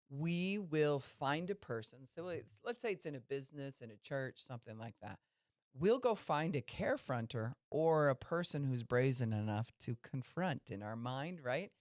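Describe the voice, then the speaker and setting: A woman's voice: low-pitched, darkish tone, no room sound, clean studio sound. A woman pastor giving a conversational teaching talk on a podcast, explaining and asking listeners questions.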